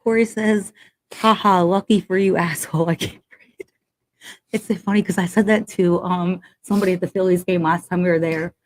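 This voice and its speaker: A woman's voice: on the low side, fairly even intonation, moderate pace. Teasing woman podcast co-host. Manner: teasing, laughs often, swears casually. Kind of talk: casual sports podcast chat.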